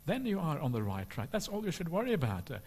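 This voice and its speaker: A man, a Buddhist monk, answering questions at a retreat in a relaxed, humorous way with many "uh" fillers. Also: fairly high pitch, fast talker, slightly rough. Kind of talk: dharma talk question and answer.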